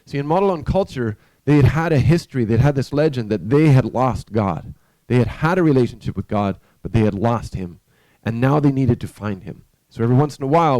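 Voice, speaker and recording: Male preacher, relaxed dark tone, close dry recording, chatty story delivery with restarts. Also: mid-range voice, no room sound. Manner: conversational, halting with restarts. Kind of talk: storytelling sermon. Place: church.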